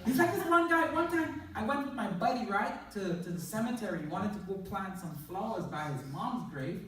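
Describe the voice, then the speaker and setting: A woman's voice: mid-range voice, expressive, brisk, a little hiss or hum. A woman counselor giving a humorous talk to an audience, telling jokes and anecdotes. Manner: jokey anecdotal storytelling. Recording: echoey hall from far off.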